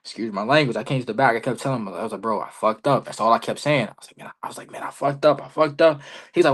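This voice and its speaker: Speaking fast with a breathy edge, the young wrestler tells his stories over a remote podcast call at a typical male middle pitch. He keeps it conversational and animated, full of slang like "bro" and "you feel me," performing the quotes as he goes.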